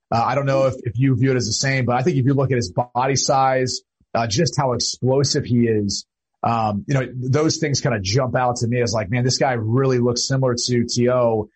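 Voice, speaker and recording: A man appearing as a football analyst on a podcast, explaining his points in a measured way with many fillers. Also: mid-range voice, breathy edge, rough recording. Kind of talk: casual analytical talk.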